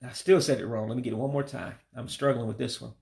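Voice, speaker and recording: A man with a deeply gravelly, fry-heavy voice walks through a short vocabulary list. He talks casually and patiently, repeating each word slowly and owning up when he trips over one. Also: fairly even intonation, darkish tone. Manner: patient, repeats words slowly, admits stumbles. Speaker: language learner teaching vocabulary.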